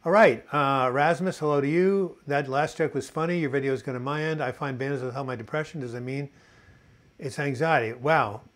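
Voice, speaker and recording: A talkative man from the United States, in his sixties, hosts a casual live-stream chat on mental health, reading out viewer comments and telling corny jokes and puns. He has a mid-pitched voice and speaks a little fast.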